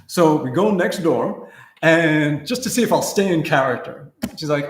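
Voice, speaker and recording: A man's voice: a little high, moderate pace, reverberant. A middle-aged man hosting a guitar livestream, telling loose, profane anecdotes with chuckles in a casual chatting style. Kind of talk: casual livestream chat and storytelling.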